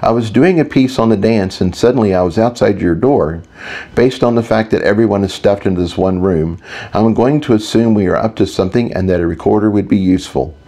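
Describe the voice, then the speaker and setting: A man's voice: lowish voice, fairly quick, warm tone. A man voicing a polite, cheerful male mage recorder in an audiobook. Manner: polite, effusive. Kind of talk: audiobook character voice.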